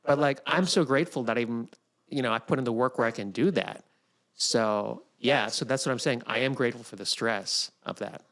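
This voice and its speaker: A man's voice: medium pitch, fairly quick, fairly bright tone. A male stand-up comedian co-hosting a casual podcast chat, blunt and emphatic, pushing provocative opinions.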